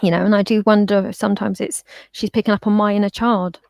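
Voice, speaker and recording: A chatty woman tells animated stories and slips into quoted voices as she goes. Her voice has a gravelly, creaky texture. The sound is dry and close, as if she is talking over a call. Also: medium pitch, fast talker, no echo. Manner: chatty, storytelling, acts out quotes. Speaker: pet therapist guest. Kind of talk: casual interview chat.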